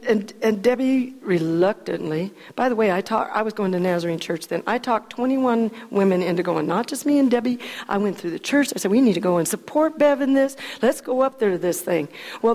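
A woman telling a personal story to an audience in a lively, chatty way, laughing often and restarting her sentences. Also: a little high, long reverb tail. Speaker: speaker telling a testimony.

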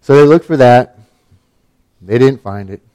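A man's voice: medium pitch, animated, a little slow, mellow. A middle-aged man from Alaska telling a personal story in a casual, wry and self-mocking way, with plenty of fillers and restarts.

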